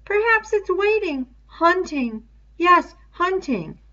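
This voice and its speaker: A woman's voice: very high-pitched, sing-song, slow pace, bright, forceful tone, voice pushed up, full character voice. A woman voicing a scared, fussy schoolboy who talks in an anxious, whiny way. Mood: fearful. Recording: dull lo-fi recording.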